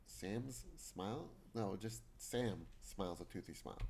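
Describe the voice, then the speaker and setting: A man's voice: lowish voice, a little slow, creaky, few pauses, darkish tone, slightly rough. A man streaming a video game, reading the dialogue aloud in shifting voices and chatting between lines. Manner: chatty, trails into asides.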